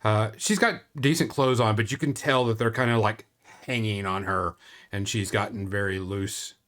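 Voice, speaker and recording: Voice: mid-range voice, moderate pace, a bit bright. A game master narrating a tabletop game, rambling with frequent fillers. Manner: rambling narration with many fillers, laughs often.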